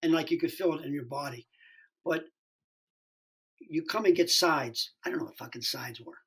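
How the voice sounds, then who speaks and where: A man, a stand-up comedian guesting on a podcast, telling an animated, profane anecdote and acting out the people in it. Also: on the high side, normal speed, husky. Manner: profane, acts out the dialogue in his story.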